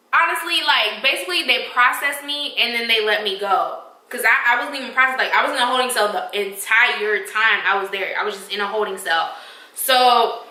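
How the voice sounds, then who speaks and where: Young woman, bright sharp voice, echoey room, a bit off-mic, animated profane storytelling. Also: high voice, far from the mic. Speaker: vlogger. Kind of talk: storytime vlog.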